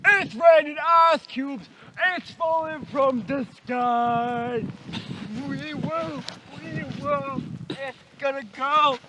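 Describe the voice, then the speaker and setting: A young man joining a mock news report outdoors in the snow, making silly, drawn-out exclamations. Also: very high-pitched. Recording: outdoor noise on a handheld camera.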